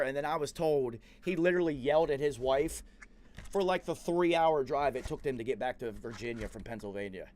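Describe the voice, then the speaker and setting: A man hosting a podcast, telling a story in a casual, slangy, profane way. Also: a little high. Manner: slangy and profane, says "yo" and "dude" a lot. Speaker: podcast host.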